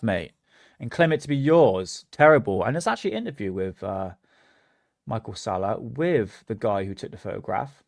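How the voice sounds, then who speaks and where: A man's voice: fairly low pitch, sing-song, moderate pace, creaky, no echo, studio quality. A man hosting a livestream, chatting casually and mocking what he watches, often laughing. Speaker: livestream host.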